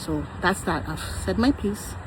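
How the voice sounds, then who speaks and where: A woman's voice: on the low side, animated, unhurried, noisy background. A woman in her thirties talking in a personal vlog, insistent and defensive, repeating her points. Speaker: vlogger.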